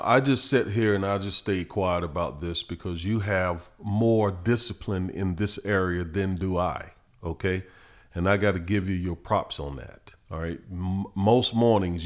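A middle-aged man, a pastor teaching Bible verses on a podcast, who gets louder and higher when he reads scripture. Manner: preachy, rises in pitch and force reading scripture.

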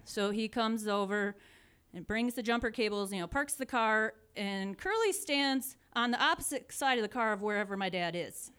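Woman in her forties, a touch high-voiced, animated storyteller who laughs easily and acts out other people. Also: normal speed, clear, resonant tone. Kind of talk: casual personal storytelling.

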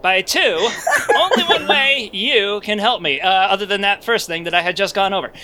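A man's voice: high-pitched, moderate pace, pushed and bright. A man playing a bumbling, second-class guardian angel in an improvised comedy parody, goofy and giggly. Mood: playful. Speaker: player.

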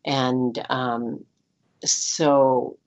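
A woman minister with a remarkably deep, low voice reflects thoughtfully in conversation, leaning on frequent fillers. The recording sounds dull and lo-fi. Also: flat delivery, extremely slow. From United States. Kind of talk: casual spiritual conversation.

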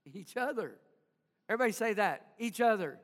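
High-voiced slow preaching man, churchy reverb. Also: animated. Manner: call-and-response preaching, asks the congregation to repeat. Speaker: pastor. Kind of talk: sermon.

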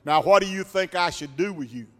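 A man playing a highway patrolman with a deep voice, stern and questioning, in an echoey hall. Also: a little fast, natural voice.

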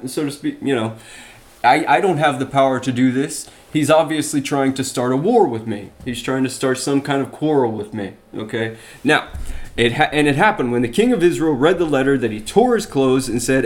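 A man teaching a Bible study, moving between reading scripture and explaining it in plain, chatty terms. His voice sits at a middle pitch, and he often checks in with the listener by asking "okay?". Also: expressive, fairly quick.

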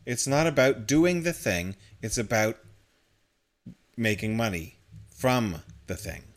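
Man, podcast co-host, casual discussion, thoughtful, explains at length, mid-pitched voice. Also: sing-song, slow pace.

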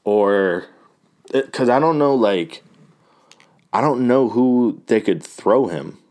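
A man's voice: medium pitch, animated, slow pace, a little mellow. A man giving a loose, rambling and profane recap of fight results, full of fillers and restarts. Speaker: fight fan recapping a card. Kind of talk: casual talk.

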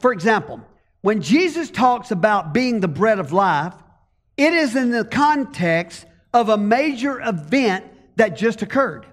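A man's voice: high-pitched, long reverb tail. A man preaching a sermon as pastor from a church stage, talking conversationally and asking the congregation rhetorical questions.

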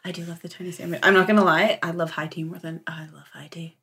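A woman co-hosting a podcast in casual chat, playful and quick to laugh. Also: on the low side, fairly even intonation, fairly bright tone. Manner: laughs easily, playful banter. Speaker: podcast co-host.

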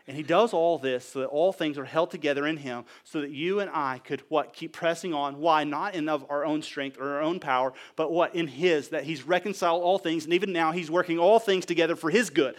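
Guy preaching a sermon, kinda high voice, gets loud then goes real quiet, lots of "what?" questions to the crowd. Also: fairly quick, hardly any pauses. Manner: emphatic, rising to near shouts then dropping low; rhetorical questions to the congregation. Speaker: pastor.

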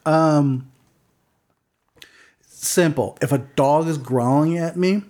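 A man's voice: on the high side, slow, a little mellow. A man co-hosting a podcast, chatting casually, rambling and laughing often as he restarts his sentences. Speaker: podcast co-host. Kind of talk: casual chat.

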